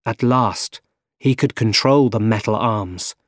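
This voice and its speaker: A man narrating a storybook in a plain, even reading voice. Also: lowish voice, slow, no room sound, studio quality.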